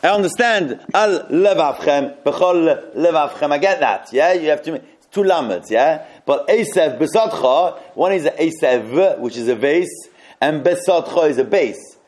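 A man leading a group text study, reading passages aloud slowly and then explaining them and puzzling over them. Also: fairly high pitch, animated, darkish tone.

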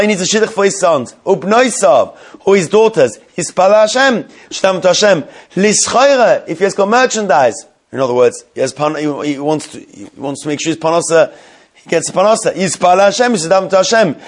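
A man giving a Torah class, reading Hebrew lines slowly and then explaining them in English with frequent restarts. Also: high-pitched. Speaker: Torah teacher.

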